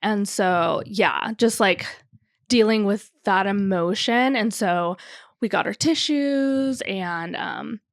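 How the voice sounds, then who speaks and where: A young woman co-hosting a podcast, telling stories in a chatty way, full of "like" and quick laughs. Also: mid-range voice, dry recording, studio quality. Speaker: podcast co-host, wedding photographer. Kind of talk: casual chat.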